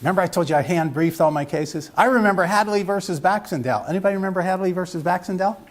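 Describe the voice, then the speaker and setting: A lecturer at a legal education seminar races along in a high voice, addressing a live room of lawyers. He meanders through a joke and quizzes the crowd.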